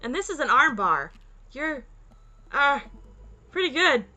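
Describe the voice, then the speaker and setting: A woman voicing a strong, calm man who coaches wrestling holds in a dating game, in a steady, teasing manner. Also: high-pitched, measured pace, full character voice.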